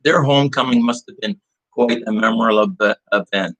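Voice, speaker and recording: A man's voice: mid-range voice, fairly bright tone, poor audio. A man leading a church devotional, speaking with heartfelt hesitation and reading scripture aloud while recovering from illness. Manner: slow, heartfelt, with hesitant restarts.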